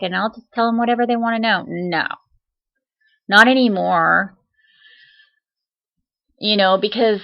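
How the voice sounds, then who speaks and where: Woman, casual vlog rant, chatty, indignant, gravelly fry, lo-fi muffled audio. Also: mid-range voice. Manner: chatty and indignant, many fillers and restarts. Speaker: vlogger.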